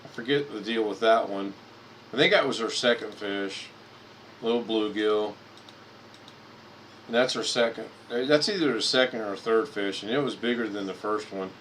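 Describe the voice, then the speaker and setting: A man with a slightly low voice chats casually on his own live stream. He rambles and repeats himself while clicking through photos at his computer. A faint hum sits in the background. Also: normal speed, fairly bright tone, rough recording.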